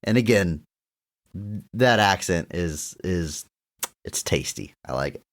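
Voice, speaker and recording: A man's voice: sits low, expressive, slow. A young adult man co-hosting a podcast, talking through a movie review in an enthusiastic, rambling way with frequent restarts. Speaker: podcast co-host. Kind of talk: casual movie review chat.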